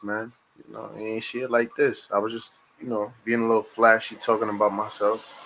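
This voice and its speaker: A man's voice: fairly low pitch, steady tone, normal speed, a bit bright. A man, an indie rapper, talking as a guest in a casual interview, laid-back and full of slang.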